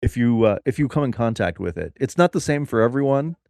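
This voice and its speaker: A man co-hosting a comedy podcast, rambling through an absurd improvised story in a deadpan way. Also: medium pitch, quick pace, gravelly, no echo, clean studio sound. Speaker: podcast co-host.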